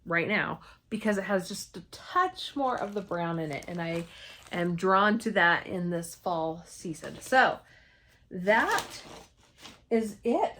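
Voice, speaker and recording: A woman's voice: on the low side, animated, slow, a bit bright. A woman in her forties chatting casually and enthusiastically as she shows her craft supplies to the camera. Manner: chatty and enthusiastic, gushing over colors. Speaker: cross-stitch vlogger. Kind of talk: casual show-and-tell chat.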